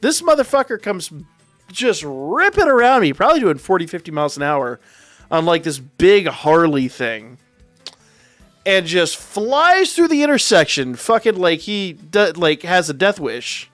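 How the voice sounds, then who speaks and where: A man's voice: sits high, sing-song, measured pace, fairly bright tone, no echo, soft background music. A man hosting a livestream, telling a story in a wry, profane, casual way. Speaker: livestream host.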